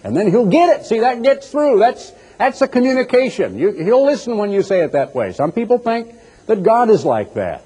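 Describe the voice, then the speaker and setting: A man preaching a sermon in an animated, teasing way, acting out mocking voices as he goes. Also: sits high, normal speed, breathy edge. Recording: echoey hall with long reverb.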